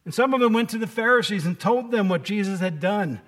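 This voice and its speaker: Preaching in a relaxed, chatty style, this man acts out quoted lines and asks his congregation questions directly. His brisk, expressive voice sits high and sounds a bit bright.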